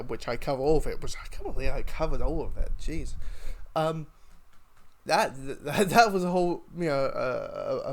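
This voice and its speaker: A man giving a casual, rambling spoken review of a TV episode. He restarts his sentences often. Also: mid-range voice. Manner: rambling, lots of fillers and restarts.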